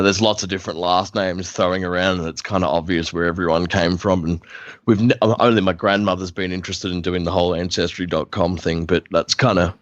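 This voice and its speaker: A man's voice: deep voice, no room sound. An Australian man talking easily as a podcast guest. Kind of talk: casual podcast chat. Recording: dull, dry sound.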